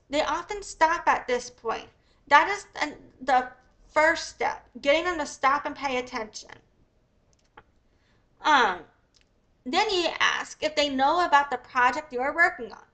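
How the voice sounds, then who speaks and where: A woman's voice: sits high, pushed and bright, low-quality recording. A woman reading her own business ebook aloud, then explaining it in a blunt, profane, rambling way.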